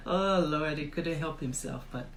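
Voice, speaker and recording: A woman's voice: fairly low pitch, roomy sound, slight background noise, poor audio. A young woman with a Nigerian accent, a vlogger chatting emphatically to her viewers and laughing often. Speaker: vlogger interviewing her father. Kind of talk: casual commentary to the camera.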